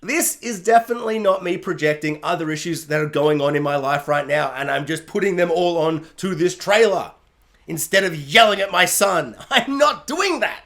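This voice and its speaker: A man's voice: on the high side, brisk, gravelly, fairly bright tone. A man ranting animatedly in a solo video film review, exasperated and self-mocking, often laughing at himself. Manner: laughs at himself mid-rant.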